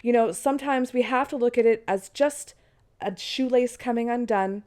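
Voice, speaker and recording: A woman's voice: fairly high pitch, normal speed, a little mellow. A woman hosting her own podcast, chatty and encouraging, her voice stuffy and nasal from a cold, recording from bed at home. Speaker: podcast host. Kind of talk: casual solo podcast talk.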